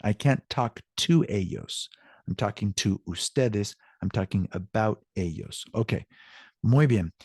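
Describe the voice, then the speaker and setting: Man teaching Spanish online, patient explainer; low-pitched, dry close-mic sound. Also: unhurried, a little mellow, slightly rough, dry recording. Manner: explains patiently, answers student questions. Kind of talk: recorded online lesson.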